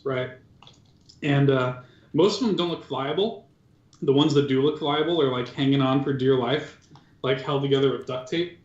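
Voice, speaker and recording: A man narrating as game master of a tabletop game, in a casual, loose way with many fillers. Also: mid-range voice. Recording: dull, roomy recording.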